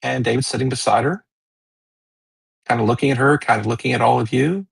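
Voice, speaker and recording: A man's voice: medium pitch, steady tone, a little fast, vocal fry, husky, no room sound, low-quality recording. A man narrating as game master of a tabletop game, rambling with many fillers and restarts.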